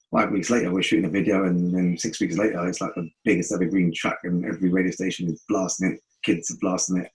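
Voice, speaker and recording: Fast-talking London man telling stories. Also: low-pitched, poor audio. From North West London. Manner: animated, acts out quoted voices, fast rambling. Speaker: guest musician. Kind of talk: casual storytelling interview.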